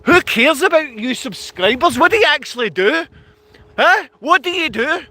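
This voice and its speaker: A man with a piercing, very high voice rants at his viewers in a livestream. He hurls insults and yells as he talks, tense and forceful throughout. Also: animated, normal speed, dry recording. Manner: ranting, insulting, yelling at viewers. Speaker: vlogger. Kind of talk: angry livestream rant. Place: outdoors in his town.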